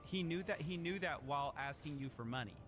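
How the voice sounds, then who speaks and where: A man narrating a video exposé in a measured, pointed way, at times speaking straight to the viewers. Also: fairly high pitch, a bit bright, soft background music. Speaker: documentary narrator. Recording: video clip with clear background noise.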